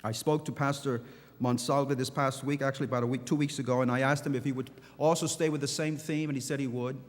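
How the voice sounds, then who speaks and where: A man's voice: mid-range voice, fairly even intonation, quick pace. Guy preaching in a big church, fervent, repeats himself, voice rings out in the hall. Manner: impassioned preaching with repetitions and restarts. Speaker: pastor. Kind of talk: sermon. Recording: long church hall reverb.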